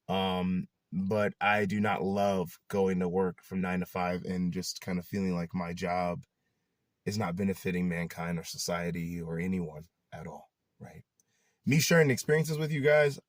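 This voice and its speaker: A young man chatting in a casual vlog, animated and laughing often, who trails off into rambling asides. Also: on the low side, no echo, studio quality. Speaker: YouTuber.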